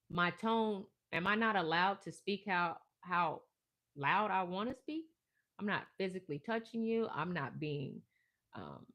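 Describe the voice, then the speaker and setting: A woman hosting a casual spiritual live stream, talking with passion and rambling, swinging from soft asides to loud, emphatic bursts. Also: low voice. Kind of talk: casual spiritual pep talk.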